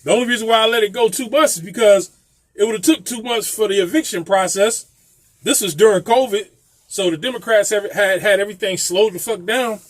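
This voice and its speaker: A man's voice: sits high, a little fast, dry recording. A man casually telling a profane story, laughing often. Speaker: vlogger telling a landlord story.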